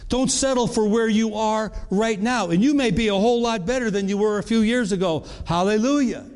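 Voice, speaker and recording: High-voiced man preaching earnestly. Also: brisk, a little mellow. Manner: earnest preaching with rhetorical questions and restarts. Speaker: pastor. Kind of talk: sermon.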